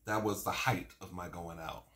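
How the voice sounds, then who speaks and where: A man's voice: deep voice, fairly even intonation, normal speed, bright, forceful tone, reverberant. A man in his forties chatting casually while eating, rambling through an old story and sometimes talking with his mouth full. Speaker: mukbang vlogger.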